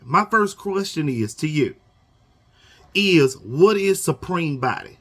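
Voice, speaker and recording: A man's voice: on the high side, expressive, slow. A man speaking casually to union members in a video, emphatic and repetitive, drilling his points home with a questioning "okay?". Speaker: union organizer addressing members. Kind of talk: casual talking-head video lesson. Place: Houston area.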